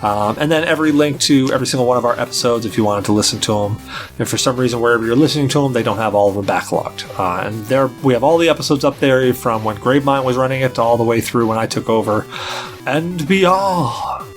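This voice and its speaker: A man's voice: mid-range voice, fast talker, faint music behind. Casual rambling male podcast host. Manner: loose, rambling, lots of fillers and restarts.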